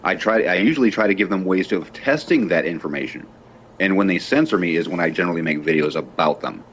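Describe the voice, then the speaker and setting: A man on a group internet call, talking in a deliberate, analytical way. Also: low voice, lively intonation. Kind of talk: casual call chat. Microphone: computer mic on a video call. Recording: dull lo-fi call audio with faint noise.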